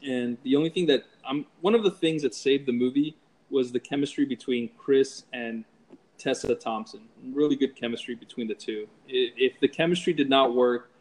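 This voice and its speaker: A man's voice: mid-range voice, normal speed, a little mellow, rough recording. A man talks through a movie on a podcast in an easygoing, casual way. He often hesitates and repeats words as he gathers his thoughts. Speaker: podcast co-host. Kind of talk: casual movie review chat.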